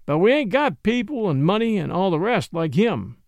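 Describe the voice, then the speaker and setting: Level-headed frontier dog-driver, read by a man, matter-of-fact, high voice, lively pitch. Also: normal speed, gravelly, no room sound, full character voice. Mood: agreeing.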